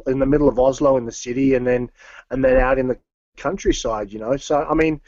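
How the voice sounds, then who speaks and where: A man's voice: mid-range voice, steady tone, brisk, darkish tone, no echo, muffled recording. A man, a metal musician as interview guest, talking casually and rambling with many fillers and restarts.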